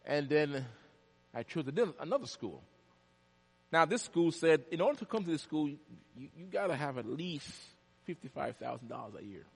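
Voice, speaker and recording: A man preaching a storytelling sermon, swinging from loud, high bursts to hushed asides. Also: expressive, normal speed, creaky, slightly rough. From Jamaica. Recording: long hall reverb.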